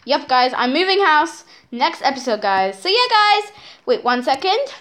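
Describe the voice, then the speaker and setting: Woman, gaming channel host, high and very animated voice, excitable let's-play chatter aimed at viewers. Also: a little slow. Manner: excitable, dramatic, often addresses viewers as guys. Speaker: channel host playing a survival game. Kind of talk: let's-play game commentary.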